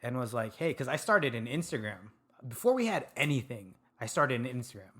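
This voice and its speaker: A man from Sacramento, a podcast guest telling his story in relaxed, casual chat and swearing now and then. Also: mid-range voice, brisk. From Sacramento, California. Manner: laid-back, laughs often, swears casually. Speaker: podcast guest, food truck owner.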